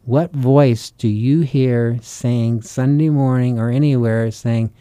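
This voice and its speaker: A man's voice: medium pitch, steady tone, takes it slowly, hardly any pauses, mellow, clear, resonant tone, dry recording, clean studio sound. A man, a Christian author and preacher, delivering an earnest, urgent sermon full of rhetorical questions. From United States. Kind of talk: sermon-style teaching.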